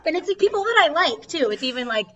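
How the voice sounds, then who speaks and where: A woman sports journalist in casual panel chat, animated, sarcastic and quick to laugh. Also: high-pitched, muffled recording, slight background noise.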